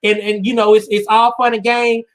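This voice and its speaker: A man's voice: high-pitched, little pitch movement, fairly quick. A man co-hosting a talk show, speaking with raw emotion and close to tears, repeating himself as he builds to urgent pleas. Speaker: podcast co-host. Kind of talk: impassioned panel commentary.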